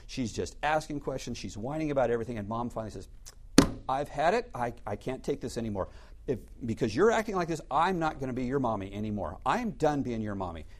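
Male Sunday school teacher, animated pitch, chatty delivery with rhetorical questions. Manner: conversational, rhetorical questions, acts out stories. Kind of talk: church class teaching.

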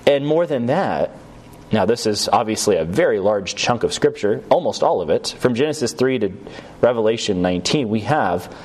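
A man's voice: on the low side, lively intonation, normal speed, darkish tone. A man teaching a recorded Bible lesson in a conversational way, often checking in with "right?" and "yes?" and restarting his sentences as he goes. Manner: loose, with restarts and fillers.

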